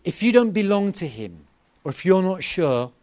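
A man's voice: high-pitched, sing-song, normal speed, darkish tone. A middle-aged man preaching a sermon to a gathering, with an emphatic delivery full of repetition.

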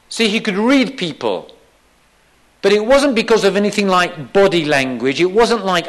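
Guy preaching a sermon, high voice, slow and emphatic, repeats stuff for weight. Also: very animated. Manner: acts out quoted lines in a softer, lower voice.

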